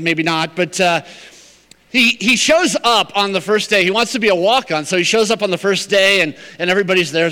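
High, bright-voiced pastor preaching in a hall. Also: male voice. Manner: storytelling, animated, acts out quotes. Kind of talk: sermon.

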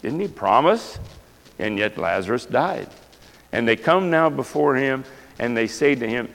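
A man's voice: medium pitch, lively intonation, measured pace, vocal fry, fairly bright tone. A male pastor preaching a sermon with passion, throwing rhetorical questions at the congregation. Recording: long reverb of a large hall.

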